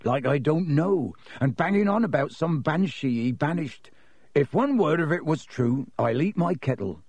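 A man voicing a huge, gruff but kindly gamekeeper who growls his words. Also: a little high, expressive, moderate pace, a little mellow, no echo, pitched above the performer's own voice. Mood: grumbling. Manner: growling, hearty.

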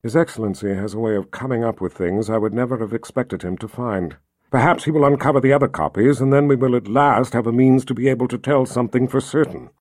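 A man's voice: medium pitch, quick pace, a little mellow, dry recording, studio quality, lightly acted. A man doing Sister Alicia, a cautious scholar. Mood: thoughtful.

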